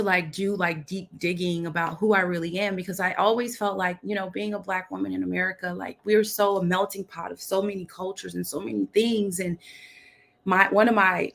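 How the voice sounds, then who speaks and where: A woman's voice: mid-range voice, creaky, pushed and bright. A bubbly, upbeat young woman from Dallas, Texas, chatting casually as a talk show guest and laughing often. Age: young adult. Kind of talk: casual chat. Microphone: video call.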